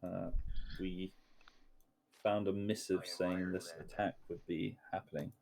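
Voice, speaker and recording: A man's voice: low-pitched, little pitch movement, unhurried, vocal fry, crowd noise. A man playing in a tabletop game, talking in a dry, matter-of-fact way. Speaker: player. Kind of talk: casual gaming chat.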